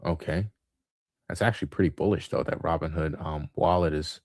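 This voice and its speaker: This livestream host has a low, darkish voice with fairly even intonation and a moderate pace. He offers casual market commentary, thinking aloud with lots of fillers and restarts and a touch of hiccups. The recording is dry and of studio quality.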